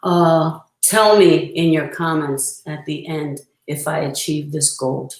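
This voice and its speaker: A priestess presenting a spiritual workshop, talking earnestly and reverently with frequent pauses, and reciting a prayer. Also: female voice, low voice, steady tone. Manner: earnest, reverent, pausing often to gather thoughts. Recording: roomy echo.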